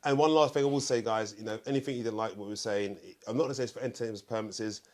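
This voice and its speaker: A man hosting a talk show in casual conversation, earnest, often pausing to search for words. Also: on the low side, steady tone, a little mellow.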